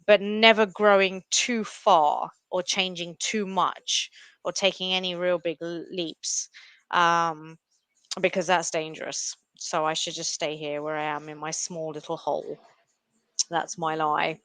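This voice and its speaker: A woman co-host, musing aloud in a reflective, halting way during a coaching exercise. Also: fairly low pitch, flat delivery, fairly bright tone, dry recording. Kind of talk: casual chat.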